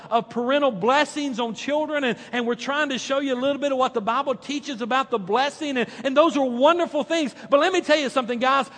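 Male pastor, high-pitched, emphatic delivery that rises and drops, reverberant hall. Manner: emphatic preacher, swings between loud and hushed. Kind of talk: sermon.

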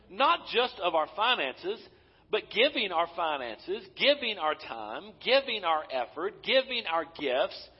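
A male pastor preaches in a church sanctuary, pressing his points with emphasis and asking the congregation questions. His voice sits high and has a husky edge. The dull recording carries a long, ringing hall reverb. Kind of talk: sermon.

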